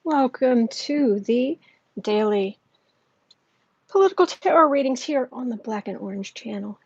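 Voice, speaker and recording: A woman hosting a livestream as a tarot reader, chatting casually with many fillers and restarts, speaking softly and gently and sometimes dropping to a near whisper. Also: fairly high pitch, expressive, unhurried, slightly rough, dry recording, lo-fi sound. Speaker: tarot reader and channel host.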